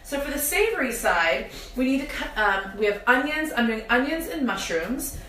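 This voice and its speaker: A woman's voice: high-pitched, very animated, moderate pace, bright, forceful tone, echoey room, far from the mic, poor audio. Chatty woman hosting a home cooking show. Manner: chatty, talks to viewers directly, self-deprecating. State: teary-eyed from onions. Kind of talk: live cooking demonstration. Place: home kitchen. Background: kitchen clatter of pots and dishes.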